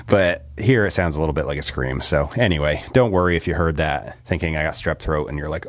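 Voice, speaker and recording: A man's voice: extremely low pitch, moderate pace. A man who writes and records his own songs, chatting casually in his home studio while getting over a sore throat, rambling and laughing often. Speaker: singer-songwriter. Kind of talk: casual vlog chat. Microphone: studio microphone.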